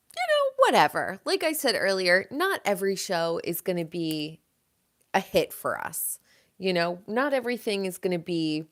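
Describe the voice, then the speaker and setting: Slow-talking chatty woman host. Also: fairly low pitch, fairly bright tone. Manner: chatty, gossipy, swears casually. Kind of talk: casual chat about reality TV.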